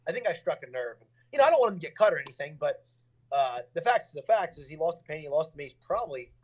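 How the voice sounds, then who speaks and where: This is a young man talking at a rapid clip, his voice sitting a little high. He rambles with frequent fillers and restarts. The sound is dull and lo-fi, like call audio. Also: sing-song, breathy edge. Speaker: fighter being interviewed. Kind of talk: casual interview talk.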